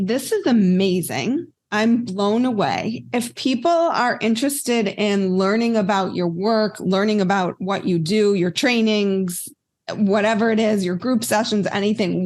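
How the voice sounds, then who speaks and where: A woman's voice: mid-range voice, unhurried, a little mellow. A woman host in an interview, giving short affirmations and sounding openly impressed by her guest. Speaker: podcast host.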